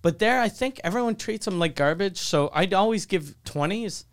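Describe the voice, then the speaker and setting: A man on a casual podcast, telling animated, joking travel stories with plenty of swearing. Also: sits high, normal speed.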